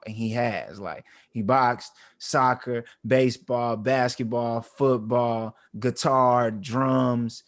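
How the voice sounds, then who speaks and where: Casual podcast co-host, man, thirties, middle pitch, slangy and heartfelt storyteller. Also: fairly even intonation, measured pace, few pauses. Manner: slangy, emotional, full of fillers.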